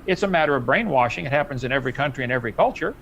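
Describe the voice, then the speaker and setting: A man debating on a live stream, emphatic and insistent, his pitch jumping up when he presses a point and chuckling as he mocks the other side. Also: expressive, very fast, creaky, a bit bright, a little hiss or hum, poor audio. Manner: chuckling, relishes mockery. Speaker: debate guest.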